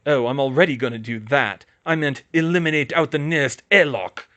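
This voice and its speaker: A man reading fan fiction aloud, voicing a gruff teenage wizard captain who growls his lines. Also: mid-range voice, a little fast, lightly acted. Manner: growling, offhand.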